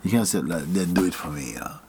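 In a low, fast voice with slight background noise, a Jamaican man gives a relaxed spiritual talk. Lively and quick to laugh, he now and then sinks to a near whisper.

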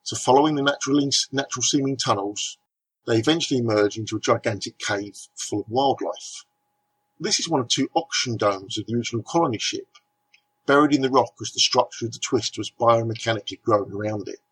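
A man presenting a comic review segment, reading a script in a steady, measured way. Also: mid-range voice, slightly rough.

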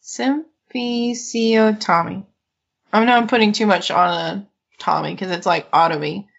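A woman's voice: lowish voice, a little fast, gravelly, a bit bright, slightly rough, highs cut off. A woman co-hosting a podcast in casual chat, laughing often and reading from an article. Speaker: podcast co-host.

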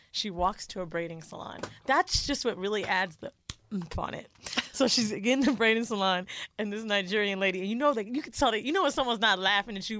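A woman co-hosting a podcast, telling a long reality-show story in a profane, animated, casual way. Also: medium pitch, slight background noise. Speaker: podcast co-host.

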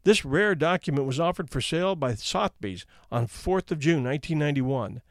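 A man narrating stories with a wry, conversational read, a little higher than most men. The sound is dry and close, with no room around it. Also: expressive, brisk, dry recording. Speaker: podcast host. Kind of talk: storytelling narration.

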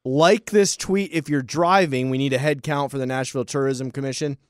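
A man's voice: mid-range voice, steady tone, a little fast, clear, resonant tone, dry recording, clean studio sound. A man co-hosting a podcast, teasing his co-host and jumping between topics in casual sports banter.

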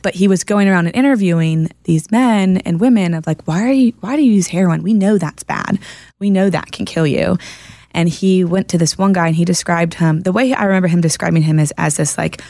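A woman counselor in casual podcast chat, an animated and earnest storyteller. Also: lowish voice, a little fast, dry recording, studio quality.

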